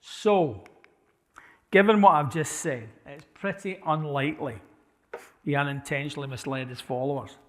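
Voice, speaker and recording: A man presents a talk to a live church audience in a conversational way, often asking the room questions and correcting himself mid-sentence. His voice sits a little high for a man. The recording carries the long reverb of a church hall. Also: normal speed. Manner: conversational, asks the audience questions, frequent restarts. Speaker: church speaker.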